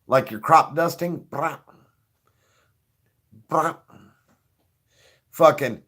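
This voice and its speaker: A middle-aged man with a slightly high, somewhat bright voice hosts a show, chatting in a casual, joking way. He rambles along, swearing freely and laughing often.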